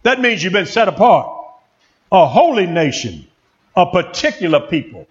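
A male pastor preaching a sermon in an excitable call-and-response manner, in a church. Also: sits high, moderate pace, dull audio.

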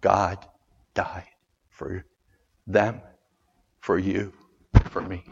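A man preaching a sermon, calling out for amens and moving between loud, raised lines and quiet, earnest asides. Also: low-pitched, flat delivery, drawn-out words, gravelly, husky. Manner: calls for amens from the congregation. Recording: dull lo-fi sound.

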